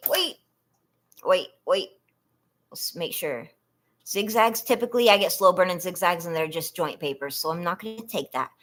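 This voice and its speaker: A woman's voice: medium pitch, fairly bright tone. A woman from California hosting a casual trivia livestream, chatty and giggling often as she reads questions and talks to viewers.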